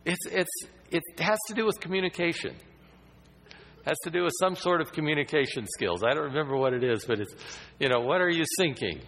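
A man's voice: a little high, a little fast, fairly bright tone, in a large hall, poor audio. A man preaching a sermon in a conversational, rambling way that builds to emphatic points.

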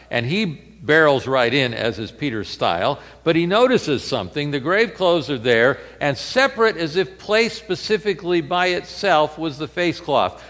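A man preaches a sermon, his voice sitting a little higher than most men's. He retells the story in an animated way, swinging from loud emphasis to hushed lines. A long hall reverb trails behind him.

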